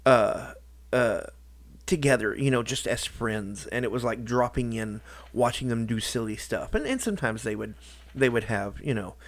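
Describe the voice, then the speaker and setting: A man talking in a casual personal vlog, halting and rambling, with lots of restarts and fillers. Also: mid-range voice. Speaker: YouTuber.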